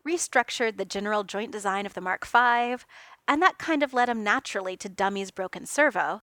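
Lively woman reading a story, dry sound. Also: medium pitch, brisk, no echo. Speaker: reader. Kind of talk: reading fan fiction aloud.

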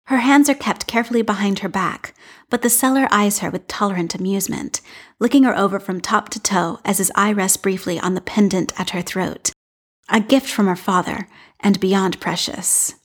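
A woman reading a fan story aloud in a measured, expressive narration. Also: mid-range voice, breathy edge. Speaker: podfic reader.

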